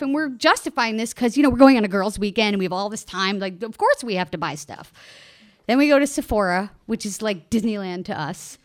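A woman telling a personal travel story in an animated way, laughing and acting out the people she quotes. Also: a little high.

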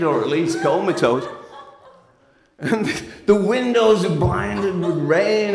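A man performing a frank spoken-word story with a wry, emotionally swinging delivery. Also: sits high. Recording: echoey hall.

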